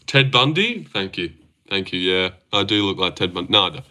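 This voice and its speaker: A man's voice: deep voice, animated, a little fast, pushed and bright. A young man hosting a casual livestream, reading chat aloud and joking around with plenty of swearing. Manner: sweary, joking, laughs often.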